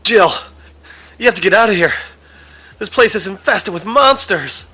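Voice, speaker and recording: A man plays a badly wounded young soldier, slumped and dying, in a comedic reading. The voice is pushed high and thin, bright and cutting, and keeps breaking into laughter. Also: lively intonation, normal speed, husky, heavily acted. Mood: urgent. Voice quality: high strained falsetto-like voice, laughing.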